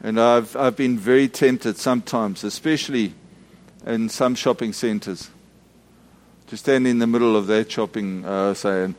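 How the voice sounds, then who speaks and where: A middle-aged Methodist minister, giving a storytelling sermon full of restarts and acted-out shouts. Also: male voice, lowish voice, fairly even intonation, measured pace. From South Africa.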